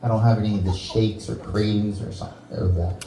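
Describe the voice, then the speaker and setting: A man's voice: on the low side, fairly even intonation, fairly quick, warm tone, roomy sound, poor audio. A Canadian man doing a stand-up set in a small bar, teasing the audience with crude jokes. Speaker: stand-up comedian. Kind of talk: stand-up set with crowd work.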